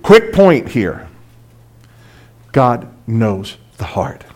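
A man's voice: medium pitch, sing-song, very slow, darkish tone. A man preaching a short sermon and reading scripture aloud, talking in a conversational, emphatic way and often checking in with his listeners. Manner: conversational, emphatic, asks the audience "right?".

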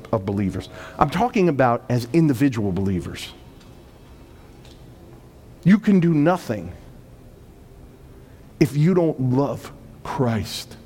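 A man preaching a sermon as pastor, swelling from quiet, emphatic points into loud, urgent appeals. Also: fairly high pitch, expressive. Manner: preaching with sudden swells of volume and emphatic slowdowns.

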